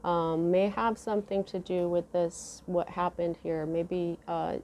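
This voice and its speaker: A woman giving a casual tarot reading, musing slowly with many fillers and restarts. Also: lowish voice, flat delivery, warm tone, slight background noise. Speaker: tarot reader.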